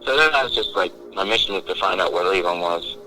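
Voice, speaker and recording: A man's voice: sits low, lively intonation, fast, sharp tone, low-quality recording. A man hosting a podcast, telling a long story with lots of animation and quoting his friends in different voices. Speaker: podcast host. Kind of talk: casual storytelling chat.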